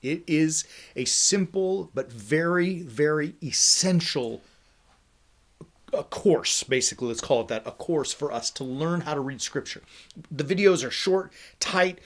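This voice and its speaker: Energetic man teaching in a casual, chatty way. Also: fairly high pitch. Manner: energetic, conversational, with frequent "right?" asides. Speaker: host of a faith ministry livestream.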